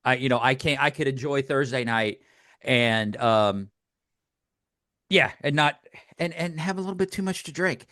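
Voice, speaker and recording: An older man co-hosts a podcast in casual chat, telling stories with animation and acting out quotes. His voice is mid-range at a moderate pace with frequent pauses. The sound is clean studio quality with no room sound.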